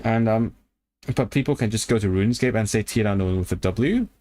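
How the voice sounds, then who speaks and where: A man chatting casually on a livestream about learning languages, thinking aloud with lots of restarts and quick bursts of excitement. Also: fairly low pitch.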